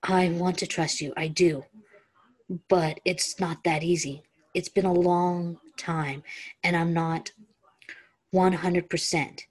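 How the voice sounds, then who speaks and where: A woman reading the lines of a weary, lonely young man who snaps quietly. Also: lowish voice, fairly even intonation, slow pace, pauses often, breathy edge, low-quality recording.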